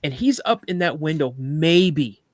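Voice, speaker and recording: A man telling a personal story on a live podcast, animated, acting out sounds and voices as he goes. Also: a little high, unhurried, no room sound.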